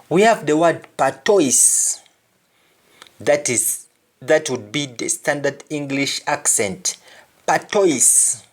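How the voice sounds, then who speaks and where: A male teacher walks through a pronunciation lesson at an unhurried crawl. He says each word carefully and repeats it so the listener can copy the sound. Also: on the high side. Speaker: language teacher.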